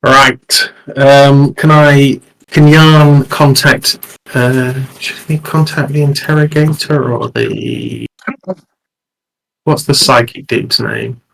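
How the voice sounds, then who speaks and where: Slow, gravelly man at a tabletop game. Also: mid-range voice, steady tone, a bit bright, low-quality recording. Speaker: player. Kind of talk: casual chat at a tabletop game.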